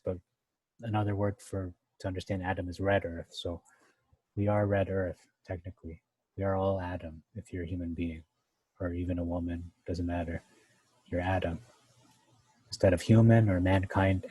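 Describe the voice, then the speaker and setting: Guy walking through bible verses, kinda low husky voice, chatty and rambling, super dry close sound. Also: dark tone, no echo, low-quality recording. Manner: conversational, thinking aloud with fillers and asides. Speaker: Bible teacher. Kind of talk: casual verse-by-verse Bible study.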